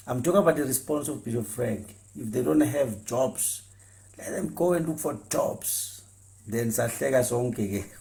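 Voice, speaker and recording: A former pastor, speaking earnestly and repeating himself, stumbling over words when heated. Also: male voice, mid-range voice, creaky, dark tone. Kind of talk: impassioned spoken address.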